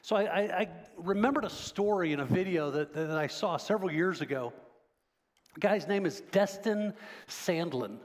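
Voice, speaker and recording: High-voiced pastor preaching. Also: male voice, lively intonation, normal speed. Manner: conversational, asks the congregation questions. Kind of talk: sermon. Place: church sanctuary. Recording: long hall reverb.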